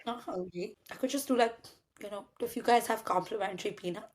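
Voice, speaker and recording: A woman's voice: medium pitch, a little fast. A young woman from India tells a story in a loose, conversational way. She keeps switching into the voices of the people in it and swears casually as she goes. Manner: animated, acts out both sides of dialogue, swears casually. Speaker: podcast host telling a story.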